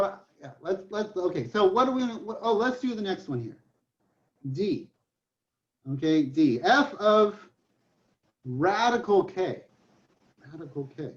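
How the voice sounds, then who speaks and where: A high-voiced man teaching math online, joking and telling stories as he works through problems. His speech comes through a computer mic on a call. The audio is dull and lo-fi. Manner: joking, storytelling, chatty with restarts. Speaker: math professor. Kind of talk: online class lecture. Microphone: computer mic on a video call.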